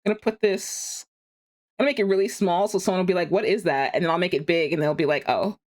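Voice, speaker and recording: A woman's voice: fairly low pitch, quick pace, darkish tone. A young woman streaming a game, chatting casually and animatedly, laughing often and talking to herself. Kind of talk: casual live-stream chat.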